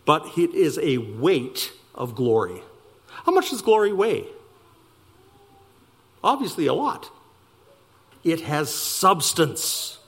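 A man preaching a sermon, slowing down to stress key words and speeding through asides. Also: a little high, breathy edge. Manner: animated preaching, slowing for emphasis and rushing asides. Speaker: pastor.

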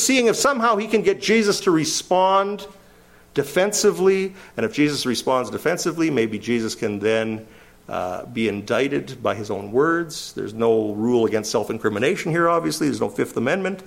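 Older man preaching, fairly high voice. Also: a little fast, gravelly. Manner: animated, voice climbs sharply when quoting. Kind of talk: verse-by-verse sermon.

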